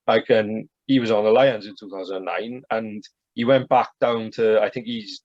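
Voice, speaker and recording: Male guest, mid-pitched, rambling casual talker, dry lo-fi mic. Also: fairly even intonation, normal speed, no echo. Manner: rambling, lots of "like". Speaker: podcast guest. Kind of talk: casual podcast chat.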